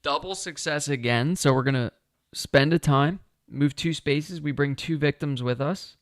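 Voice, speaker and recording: A man's voice: on the high side, normal speed, no room sound, clean studio sound. A man talking himself through a solo board game playthrough, chatty and upbeat as he explains each move.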